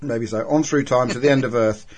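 A man's voice: mid-range voice, steady tone, a little fast. A man hosting a podcast, casually recapping an episode from his notes. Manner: recaps plot points from notes, chatty. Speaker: podcast host.

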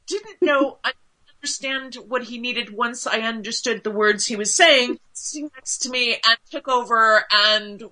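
A woman guest in a casual interview, chatty and animated, with lots of fillers and quick asides. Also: sits high, low-quality recording.

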